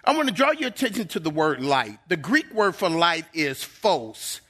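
A man's voice: on the high side, sing-song, moderate pace, fairly bright tone, husky. A middle-aged male pastor preaching a sermon in a church, emphatic and drawing out key words.

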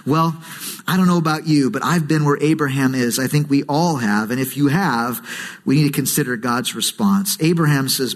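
A man's voice: medium pitch, a little slow. A man preaching a sermon as pastor, storytelling with humor and acting out quoted voices. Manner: animated, switching into quoted voices. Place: church sanctuary.

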